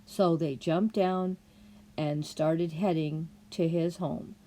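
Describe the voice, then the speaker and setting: Older grandma reading a story aloud, slow, warm dark voice. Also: female voice, sits low, fairly even intonation. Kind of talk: storybook narration.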